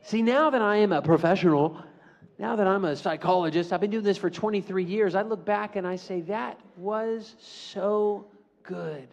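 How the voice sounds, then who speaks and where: Animated middle-aged guy talking to a school crowd, high voice, tells stories and gets the crowd to repeat after him. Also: a little fast, highs cut off, slight background noise. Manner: animated storyteller, leads audience call-and-response. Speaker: motivational speaker. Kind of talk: school assembly talk.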